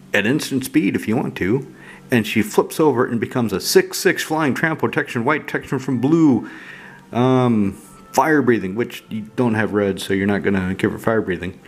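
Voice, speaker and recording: A man casually walking through his card game deck, relaxed and rambling with frequent fillers. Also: medium pitch. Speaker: card game channel host.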